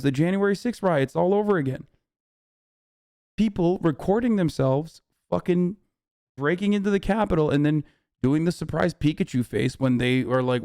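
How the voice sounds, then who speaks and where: A young man commenting on a livestream, heated and profane, his voice hoarse from screaming the night before. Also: on the high side, mellow, no room sound, studio quality. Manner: heated, profane, restarts often. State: hoarse, lost voice. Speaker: livestream host.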